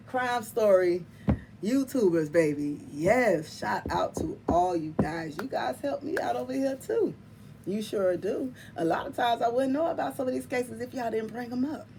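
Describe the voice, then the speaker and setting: A woman with a somewhat high voice chats straight to her viewers as a tarot channel host. She talks in an animated, emphatic way, repeats herself, laughs often and calls her audience honey. A faint hiss of noise sits under the voice. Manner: colloquial, addresses viewers as y'all and honey. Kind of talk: casual chat to viewers.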